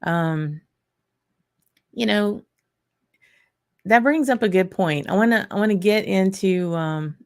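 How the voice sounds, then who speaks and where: Slow, gravelly Southern woman. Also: mid-range voice, darkish tone. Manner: unhurried, thinking aloud, frequent small laughs. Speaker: whisky channel host. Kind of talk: casual live-stream tasting chat.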